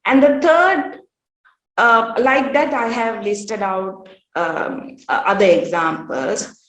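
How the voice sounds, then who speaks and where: A woman giving an academic workshop presentation at a conference. She speaks in a measured way, often pausing on "uh" and "um". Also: mid-range voice, a bit bright. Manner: measured, with frequent "uh" pauses. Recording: roomy echo.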